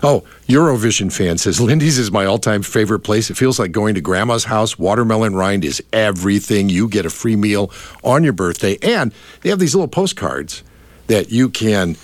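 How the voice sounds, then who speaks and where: A man's voice: on the low side, animated, normal speed, no room sound. A middle-aged man hosting a casual radio chat, rambling with many fillers and restarts. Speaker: radio host.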